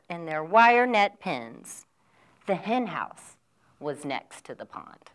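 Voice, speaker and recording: With a lowish, very animated voice and a slow pace, an American woman librarian reads a picture book to kids. Her delivery is sing-song, sprinkled with animal sound effects.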